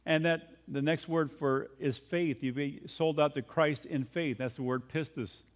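A man's voice: fairly high pitch, steady tone, unhurried. A male pastor preaching a sermon, reading scripture and acting out the scenes with a rising voice.

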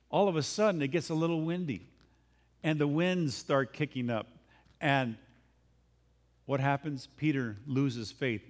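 Man, pastor, sermon, fairly high pitch, dramatic retelling. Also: measured pace, long pauses. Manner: acts out scripture scenes in rising voice.

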